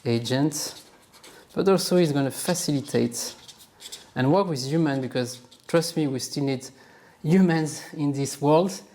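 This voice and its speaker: A man's voice: on the high side, a little slow, darkish tone. Upbeat French-accented man explaining casually. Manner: upbeat, chatty, laughs at himself. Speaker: supply chain educator. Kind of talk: casual explainer while drawing on a board.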